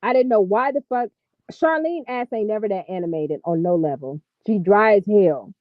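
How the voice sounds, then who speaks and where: A woman giving casual gossip commentary on a vlog, talking in an animated, profane, exasperated ramble. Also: medium pitch, moderate pace, dry recording, lo-fi sound. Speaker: vlogger.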